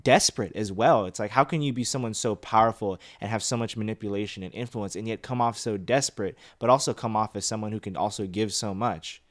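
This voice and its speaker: A man's voice: on the low side, fast talker, few pauses. A young man co-hosting a casual movie review chat, rambling with many fillers as he explains his thoughts. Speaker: co-host of a movie review show.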